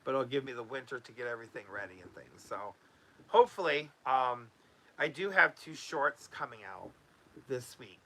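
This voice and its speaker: A man's voice: mid-range voice, expressive, moderate pace, pushed and bright. A man hosting a casual home vlog, talking loosely with many fillers and restarts. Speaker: YouTube host.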